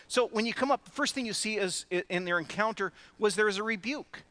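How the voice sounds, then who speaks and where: A male pastor preaching a sermon in an animated way, often laughing between phrases. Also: on the high side, fast talker, few pauses.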